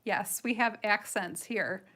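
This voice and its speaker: This livestream host and coloring artist from Michigan speaks slowly in a mid-range voice that sounds pushed and bright, with a slight nasal Michigan accent. She giggles, rambles, pokes fun at herself and chats casually throughout her live coloring tutorial.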